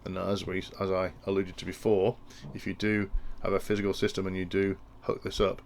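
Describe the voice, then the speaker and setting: A man's voice: low-pitched, monotone, brisk, slight background noise. A man explaining industrial control logic in a tutorial, thinking aloud and often restarting his sentences. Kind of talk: technical tutorial walkthrough.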